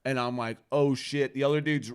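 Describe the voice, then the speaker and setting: A man hosting a casual chat, telling a wild story full of swearing and loudly acted-out quotes. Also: mid-range voice, normal speed, clean tone. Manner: profane, animated storyteller, acts out quotes loudly. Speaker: host.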